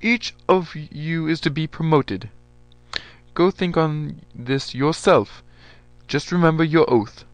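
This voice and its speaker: A man reading a story aloud, voicing a stern military general who barks orders loudly in a raised, higher voice. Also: slow, no echo, faint music behind. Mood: commanding. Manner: barking orders.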